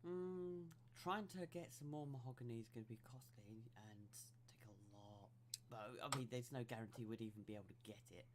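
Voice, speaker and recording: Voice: mid-range voice, brisk, noisy background. A tabletop game player speaking in character in an eager, chatty way. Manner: eager, chatty, laughs easily. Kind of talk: casual in-character role-play.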